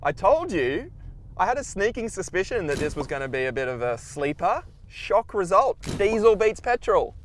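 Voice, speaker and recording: A man's voice: sits high, big pitch swings, moderate pace. An Australian man in early adulthood talks through the car tests with easy, upbeat energy, his voice sitting a touch above the usual male range. He speaks from the cabin of a car on a test track. A faint noise runs under his words. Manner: upbeat and chatty, directs the runs. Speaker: car reviewer and host. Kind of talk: casual commentary.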